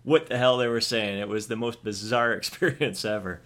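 A man's voice: medium pitch, a little fast, fairly bright tone. Host: man from Canada, mid-range voice, easygoing and talkative, casual interview. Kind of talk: casual podcast chat.

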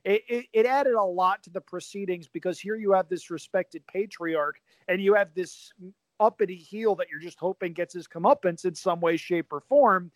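A talkative, high-voiced man chats eagerly on a podcast at a moderate pace. His voice is captured close and dry, with no echo or room sound.

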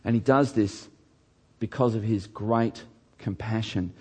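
A man's voice: fairly low pitch, a little slow, a little mellow, breathy edge. A middle-aged man preaching a sermon, earnest and emphatic, often repeating words for stress. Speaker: pastor.

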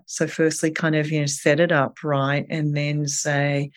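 Gentle, earnest clinician giving advice. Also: mid-range voice, completely flat delivery, measured pace. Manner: gentle, earnest, explains step by step. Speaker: eating disorder clinician guest. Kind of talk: advice in an interview.

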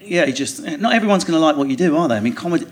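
A man with an Essex accent, a comedian guest talking on a podcast in an animated, laughing way, swearing at times. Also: on the high side, racing, slight background noise. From England. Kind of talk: podcast conversation. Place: theatre stage before an audience.

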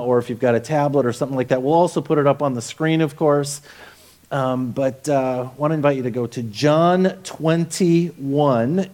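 A man preaching a sermon as pastor, telling the story in a conversational way that swings between quiet passages and loud, emphatic ones. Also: mid-range voice. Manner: conversational with fillers and restarts.

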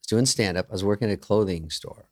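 A man's voice: on the low side, fast, a little mellow. A man telling stories as a guest comedian in a casual podcast chat, acting out other people's lines in changed voices.

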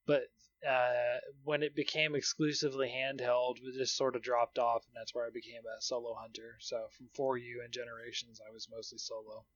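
A man's voice: medium pitch, little pitch movement, a little fast, fairly bright tone, no echo. Chatty laughing man, dry lo-fi sound. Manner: chatty storytelling, laughs often. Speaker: podcast co-host. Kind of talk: casual chat.

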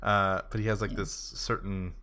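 A young adult man co-hosting a casual podcast chat, easygoing and quick to laugh. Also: on the low side, flat delivery, sharp tone, slight background noise. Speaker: podcast co-host.

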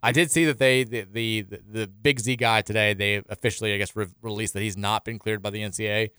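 A man's voice: lowish voice, fairly even intonation, quick pace, pushed and bright, clear, resonant tone, no room sound. A man hosting a sports radio show in a studio, reading out listener texts in a loose, rambling way with frequent restarts and chuckles.

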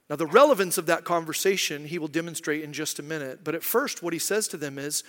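A man's voice: a little high, brisk, few pauses, fairly bright tone. A man preaching a conversational sermon as pastor, acting out quoted voices and often checking in with "right?". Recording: long hall reverb.

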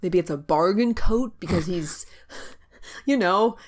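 A woman's voice: on the low side, takes it slowly, a little mellow. A woman co-hosting a podcast, talking in a laid-back, casual way. She drops dry quips and laughs often along the way. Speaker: podcast co-host. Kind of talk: casual chat.

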